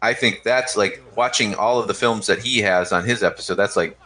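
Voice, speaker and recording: A man's voice: fairly low pitch, a little fast, sharp tone, low-quality recording. A man co-hosting a horror film podcast, chatting casually and eagerly sharing trivia. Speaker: podcast co-host. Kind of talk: casual movie review chat.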